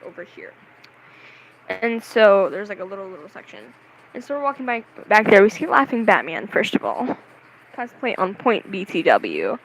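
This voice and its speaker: Excitable rambling woman vlogger. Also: medium pitch, slight background noise, poor audio. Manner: rambling, excitable, self-mocking. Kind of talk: casual storytelling to camera.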